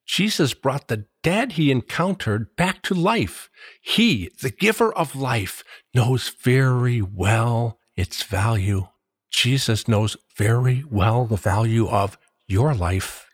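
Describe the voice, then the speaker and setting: Slow, husky man preaching earnestly. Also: medium pitch, lively intonation, no echo, clean studio sound. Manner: measured, earnest, reads scripture aloud. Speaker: Catholic preacher. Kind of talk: slow devotional reflection.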